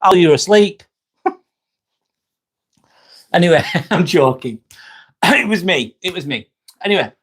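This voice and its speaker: A man's voice: sits high, animated, measured pace, long pauses, slightly rough. A man hosting a casual live stream, joking, laughing often and answering chat comments.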